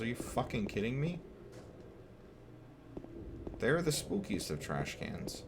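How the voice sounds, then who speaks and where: Deep-voiced man joking through a game. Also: sing-song, measured pace, long pauses, noisy background. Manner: joking, talks to the game characters, swears when frustrated. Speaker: gameplay streamer. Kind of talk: casual let's-play commentary.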